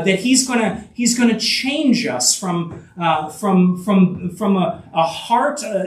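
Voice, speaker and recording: A man preaching a sermon, halting and full of restarts, asking his listeners rhetorical questions. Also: high voice, roomy sound, distant mic, poor audio. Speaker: pastor.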